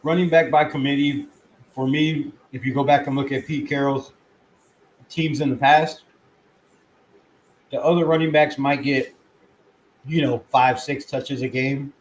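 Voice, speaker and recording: A man hosting his own fan channel, giving casual sports commentary in an excitable, rambling way with plenty of swearing, at times talking while chewing. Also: mid-range voice, unhurried, pauses often, a little hiss or hum, poor audio. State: chewing food.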